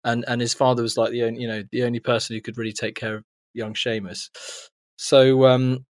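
Man, casual storyteller among friends, rambly and self-interrupting, mid pitch, dry close sound. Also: flat delivery, fairly quick, a little mellow, no echo. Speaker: joke teller among friends. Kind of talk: casual chat.

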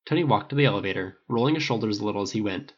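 Guy narrating fanfic, steady, rough husky voice, muffled lo-fi audio. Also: on the low side, very fast. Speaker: audiobook reader. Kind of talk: reading fan fiction aloud.

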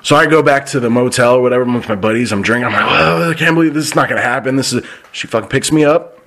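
A man's voice: medium pitch, very fast, a bit bright. A man hosting a podcast, telling loose, profane, rambling anecdotes in casual chat. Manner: frequent restarts and fillers. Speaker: podcast host.

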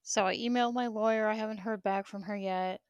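A woman's voice: mid-range voice, steady tone, brisk, smooth, no echo, lo-fi sound. A woman in her thirties, a bit out of breath, venting bluntly with lots of swearing on a casual livestream. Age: 30s. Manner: blunt, profane storytelling.

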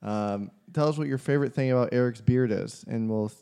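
A man's voice: medium pitch, brisk, vocal fry, mellow, clear, resonant tone. A man co-hosting a podcast, explaining things at length in casual conversation. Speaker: podcast co-host. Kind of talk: casual chat.

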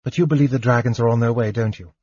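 A man's voice: mid-range voice, fairly even intonation, fast talker, a little mellow, slightly rough, no echo, muffled recording, natural voice. A man voicing a determined young woman warrior who speaks earnestly and firmly.

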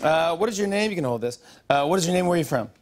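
A man's voice: a little high, expressive, very fast. A man hosting a late-night comedy show, delivering a monologue and running a game with audience members, joking and laughing as he goes. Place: TV studio with live audience. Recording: loud studio audience laughter and noise. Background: crowd laughing and cheering.

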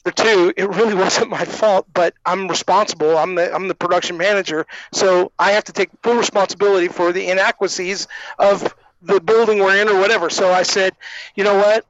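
A man who was a wrestling production manager, telling lively backstage stories as a guest on a podcast interview. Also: high-pitched, fairly quick, muffled recording. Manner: animated storyteller who acts out quoted voices. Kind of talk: storytelling anecdotes in a podcast interview.

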